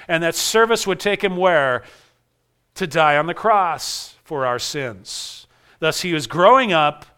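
A man's voice: fairly high pitch, a bit bright, clear, resonant tone. A man preaching a sermon, earnest, repeating key phrases for emphasis. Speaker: pastor.

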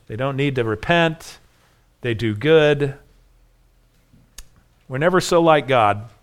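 A man's voice: a little high, fairly bright tone, smooth. A man preaching an earnest expository sermon, acting out the voices in a parable as he explains it. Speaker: pastor.

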